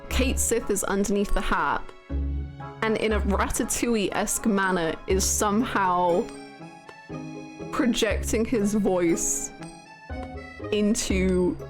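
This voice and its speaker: A woman's voice: medium pitch, slow, long pauses. A woman streaming a game, giggly and self-mocking, often breaking into laughter while voicing characters. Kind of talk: let's-play commentary, voicing characters. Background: game music.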